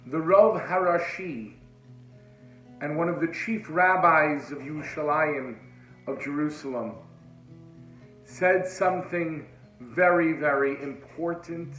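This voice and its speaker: A man with a fairly high voice tells an inspirational sermon story, building drama and then sinking to a hush. He weaves Hebrew religious terms into his speech. The sound is roomy, with faint music underneath. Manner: dramatic, drops to a hushed voice at moving moments. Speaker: religious speaker.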